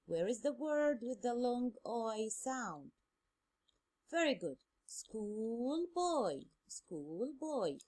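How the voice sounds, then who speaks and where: Slow husky woman drilling phonics. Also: a little high, big pitch swings, a little mellow. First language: Arabic. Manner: slow, drilling words by repetition. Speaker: English teacher. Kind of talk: phonics lesson, bilingual explanation.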